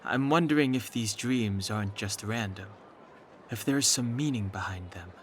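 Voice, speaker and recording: An actor voicing a calm, thoughtful man in a game, speaking in a measured, reflective way. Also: fairly low pitch, a little hiss or hum, lightly acted.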